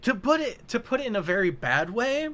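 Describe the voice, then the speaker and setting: A man's voice: very high voice, very animated, a little fast, pushed and bright. A young man in casual chat who rambles, searching for words with lots of fillers.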